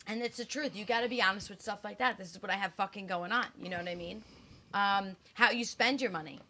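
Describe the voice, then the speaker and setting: A woman's voice: medium pitch, fast talker, bright, forceful tone. A woman in her thirties co-hosting a casual, frank chat, blunt and swearing freely, her speech slightly slurred from dental work. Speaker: co-host.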